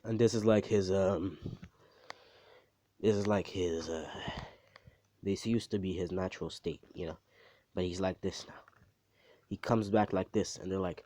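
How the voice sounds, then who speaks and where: A man's voice: low voice, steady tone, measured pace, long pauses, dark tone. A man telling a story casually, rambling and swearing, with lots of fillers and restarts. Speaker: video creator.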